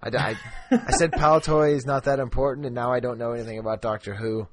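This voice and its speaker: A man's voice: mid-range voice, little pitch movement, fast talker, background noise. A man co-hosting a podcast in casual chat, rambling and restarting his sentences with plenty of fillers. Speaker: podcast co-host.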